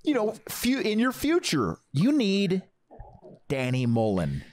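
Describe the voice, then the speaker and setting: A man's voice: sits high, huge pitch swings, takes it slowly, a little mellow. A man co-hosting a podcast, teasing and egging on a guest. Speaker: podcast co-host. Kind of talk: joking podcast banter.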